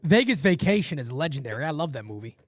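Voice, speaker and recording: A man calling a baseball game live for fans from his home studio, shouting on big plays and muttering low asides between pitches. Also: sing-song, fast talker, background noise. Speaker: play-by-play streamer. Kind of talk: live fan play-by-play commentary.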